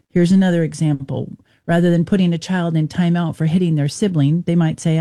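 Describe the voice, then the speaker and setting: A middle-aged woman hosts a Christian talk radio show, speaking earnestly and conversationally with brief laughs and restarts. Her voice is fairly low and mellow, with a steady tone and a slightly fast pace.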